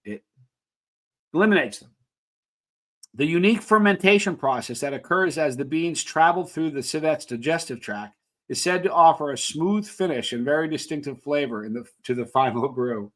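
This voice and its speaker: A man's voice: a little high, normal speed, fairly bright tone. A man hosting a casual countdown show, reading facts with playful asides and questions to viewers. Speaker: channel host.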